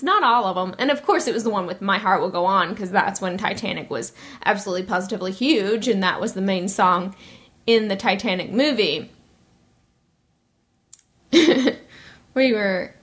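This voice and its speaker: A woman's voice: medium pitch, fairly bright tone. A woman in her twenties hosting a solo podcast, chatting casually with rambling asides and frequent laughs. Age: 20s. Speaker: podcast host.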